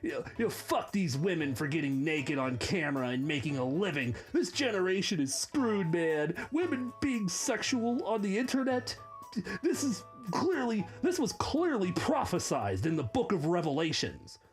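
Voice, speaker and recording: A male commentary host talks in a sarcastic, mocking way. His voice sits somewhat high and swings widely in pitch, with faint music behind him. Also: big pitch swings, moderate pace. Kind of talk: reaction commentary.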